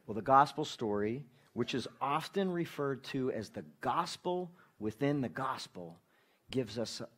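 A pastor with a fairly high-pitched voice preaches a sermon, addressing the congregation in an animated, conversational style. He checks in with tag questions and sometimes drops to a hush for emphasis.

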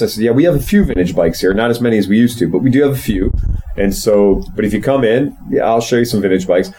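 A man's voice: on the low side, fast talker, warm tone, slight background noise, low-quality recording. A man co-hosting a casual podcast, telling stories in a sardonic, profane way. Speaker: podcast co-host and motorcycle shop owner.

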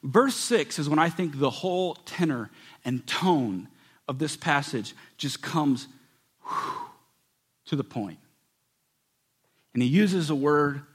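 A man preaching a sermon as pastor, swinging between loud emphatic passages and soft, hushed ones. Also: mid-range voice, slightly rough.

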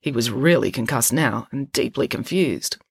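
A woman author reading her children's story aloud in an expressive storytelling manner. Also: a bass voice, normal speed, creaky, slightly rough, no room sound, studio quality. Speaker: author and narrator. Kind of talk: audiobook-style story reading.

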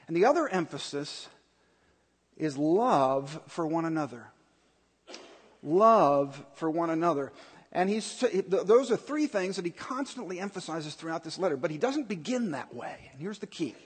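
A pastor preaching a sermon in an earnest, emphatic way, repeating key points. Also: male voice, on the high side, breathy edge, in a large hall.

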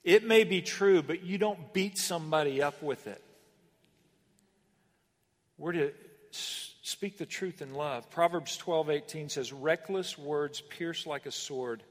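A man preaching a sermon as pastor, animated and emphatic, with sudden rises and pauses. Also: on the high side, in a large hall.

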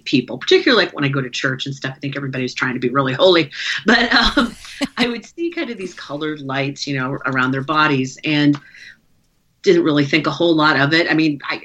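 A woman being interviewed as a guest, talking in a relaxed way and laughing easily. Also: low voice, brisk, breathy edge, dull audio. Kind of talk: casual interview chat.

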